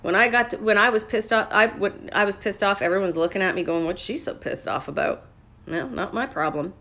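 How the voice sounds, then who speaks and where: A woman life coach talking casually on a phone livestream. She is blunt and profane and breaks into loud, emphatic bursts. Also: medium pitch, brisk. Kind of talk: casual motivational livestream talk.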